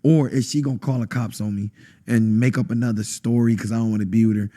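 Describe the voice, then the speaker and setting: A man, a podcast guest telling an intense personal testimony and acting out quotes with sudden high bursts. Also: steady tone, fast, warm tone. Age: adult, has a wife. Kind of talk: emotional testimony in conversation.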